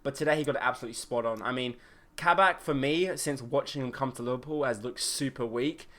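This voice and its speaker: Young guy doing a solo football podcast, bright voice, gets hyped and opinionated. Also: medium pitch, fast talker. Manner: excitable, opinionated, many fillers. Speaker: podcast host. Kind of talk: solo football match review.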